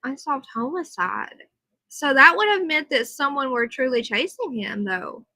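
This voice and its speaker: A tired woman chats with viewers on a casual livestream from home, reading aloud and responding to their comments. She sounds animated yet unhurried, her high voice bright and forceful. The low-quality recording has no room sound.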